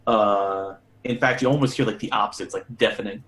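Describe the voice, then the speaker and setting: A man's voice: lowish voice, a little fast, a bit bright. A man narrating as game master of a tabletop game, rambling with many fillers.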